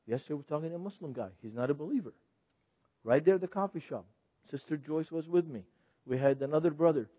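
Husky man preaching. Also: on the high side, quick pace, dry recording. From Lebanon. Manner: animated, laughs often, questions the audience. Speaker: ministry speaker. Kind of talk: sermon-style teaching to an audience. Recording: dull, dry lo-fi recording.

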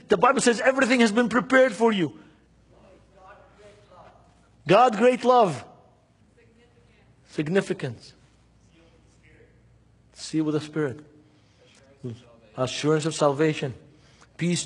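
A man's voice: on the high side, slightly rough. A man preaching a sermon. He tells stories and asks the congregation questions in an earnest way. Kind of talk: sermon with storytelling.

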